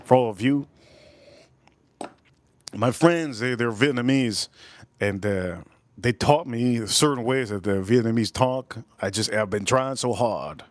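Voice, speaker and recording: A man hosting a casual live stream, reading out chat messages and giving shout-outs, repeating his phrases and swinging between loud bursts and low mutters. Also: unhurried, pauses often, no echo. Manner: animated, reads out chat and gives shout-outs.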